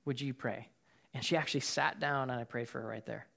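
A man's voice: medium pitch, steady tone, quick pace, gravelly, pushed and bright. A man preaching a casual, conversational sermon, telling personal stories in an earnest way with many fillers and repeated words. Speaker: pastor.

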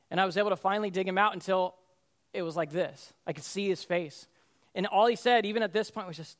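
Young male preacher, high-pitched, storytelling sermon, vivid and loose with fillers. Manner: vivid storytelling, acts out shouted quotes, frequent fillers and restarts.

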